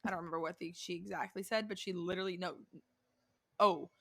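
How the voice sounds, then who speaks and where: A young woman co-hosting a podcast in a casual, animated chat, often restarting her sentences and swearing. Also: on the low side, fast. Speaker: podcast co-host.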